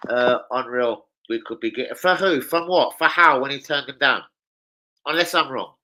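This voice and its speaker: A young man ranting casually to camera as a football fan vlogger, sweary, slangy and excitable. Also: medium pitch, moderate pace.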